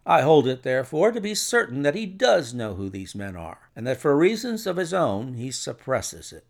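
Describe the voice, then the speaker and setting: Man reading a confident sleuth; gravelly, animated delivery. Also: medium pitch, normal speed. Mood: reasoning. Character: sharp, confident male detective.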